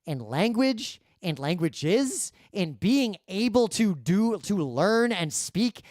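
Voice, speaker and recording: A man co-hosting a podcast, explaining points in a measured, explanatory way into a studio microphone. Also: high voice, very animated, darkish tone, dry recording. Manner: measured, explanatory, adapts his talk for the microphone. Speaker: podcast co-host. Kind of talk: casual discussion.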